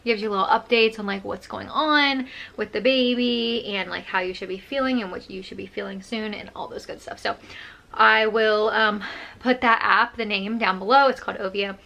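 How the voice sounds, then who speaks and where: Breathy, bubbly young woman vlogging. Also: medium pitch, steady tone, moderate pace, pushed and bright. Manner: chatty, bubbly, many fillers. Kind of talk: casual chat to camera.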